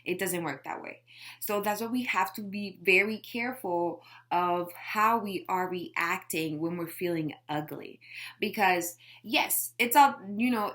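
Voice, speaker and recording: A woman's voice: on the low side, a bit bright. A woman life coach giving a casual motivational talk to camera, emphatic and full of rhetorical questions. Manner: emphatic, peppers speech with rhetorical questions and "right?".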